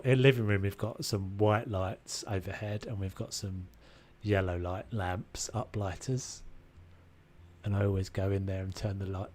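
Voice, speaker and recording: A man's voice: low-pitched, a little mellow, slight background noise. A young man streaming a renovation game, casually thinking aloud and muttering to himself as he builds, with self-deprecating asides. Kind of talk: casual live-stream commentary.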